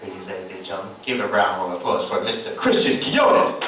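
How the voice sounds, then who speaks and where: A man's voice: low-pitched, very animated, fairly quick. A man hosting a stand-up comedy show, rambling with loose, crude jokes. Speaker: host. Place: comedy club. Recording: echoey club from far off with room noise.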